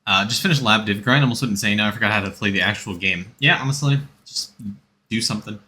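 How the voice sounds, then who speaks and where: A man's voice: fairly low pitch, fast talker, bright, forceful tone. A man streaming a game, chatting casually and rambling as he answers chat and gives game tips.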